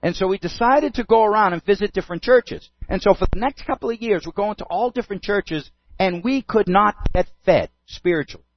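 A man's voice: high-pitched, fairly quick, few pauses, a little hiss or hum, pitched above the performer's own voice. A man voicing an eager husband who shares, in earnest, what he found in his Bible. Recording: dull, dry lo-fi sound.

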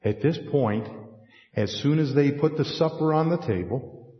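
A man preaching a sermon in an animated way, acting out scripture scenes with folksy asides. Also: on the high side, unhurried. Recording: echoey hall, dull lo-fi sound.

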